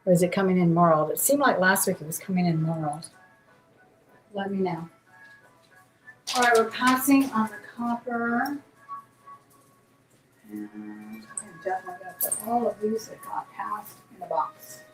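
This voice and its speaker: A woman's voice: mid-range voice, moderate pace, pauses often. A woman hosting a live jewelry sale, chatting casually as she shows and describes each piece. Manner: chatty, describes pieces while handling them. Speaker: auction host. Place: indoor room. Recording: roomy echo, faint music behind.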